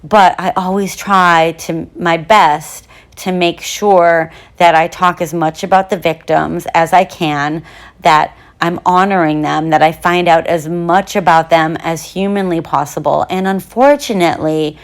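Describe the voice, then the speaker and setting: A young woman hosting a true crime podcast who talks in a chatty, bubbly way with lots of fillers. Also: fairly low pitch. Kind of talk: casual podcast monologue.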